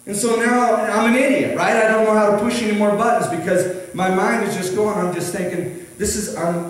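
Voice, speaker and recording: High-voiced man telling a story from the pulpit. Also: a little fast, few pauses. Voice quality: animated, rambling storyteller with many restarts. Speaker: pastor. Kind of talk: storytelling sermon. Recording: echoey hall from far off.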